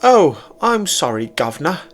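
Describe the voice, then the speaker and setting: A woman's voice: low-pitched, animated, normal speed, faint music behind, voice pushed up. A man voicing a playful young female physicist who teases her partner. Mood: teasing. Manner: playful, teasing. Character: teasing young American woman physicist.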